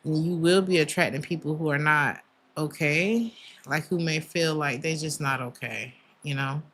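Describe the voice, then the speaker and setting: Low-voiced chatty woman tarot reader. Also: fairly even intonation, normal speed, a bit bright. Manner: emotional, chatty, many fillers and laughs. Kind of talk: casual tarot reading.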